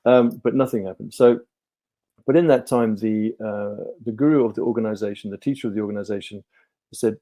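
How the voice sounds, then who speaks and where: A man's voice: lowish voice, fairly even intonation, brisk, mellow. A middle-aged man, a guest on a podcast, telling his life story in a rambling way full of ums and restarts. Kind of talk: relaxed storytelling interview.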